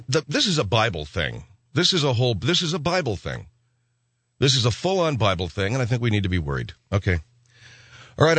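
Rambling comic radio host, dry mic. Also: male voice, fairly high pitch, no room sound. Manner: rambling, animated, slips into mock voices. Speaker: radio talk show host. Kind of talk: comedic radio monologue.

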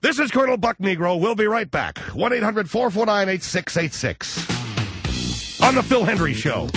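A man playing a loud, bigoted male talk radio commentator who shouts and blusters at callers. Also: sits high, very animated, moderate pace, over loud music, voice pushed down. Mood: smug. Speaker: radio show host. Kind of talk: comedic talk radio character.

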